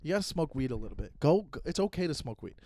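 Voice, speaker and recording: A man's voice: fairly high pitch, sing-song, dark tone, no room sound. A man who hosts a comedy podcast, ranting and swearing with lots of restarts, recorded on a phone in his bedroom. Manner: profane, ranting, fast restarts. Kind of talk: solo podcast rant. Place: bedroom with the door closed. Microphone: phone set up pointing at him.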